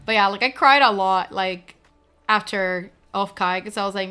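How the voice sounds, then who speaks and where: Soft music plays behind a young adult woman streamer whose medium-pitched voice is bright, forceful, clear and resonant, at a moderate pace. Tearful and almost crying, she gushes to her viewers in an emotional casual chat full of fillers.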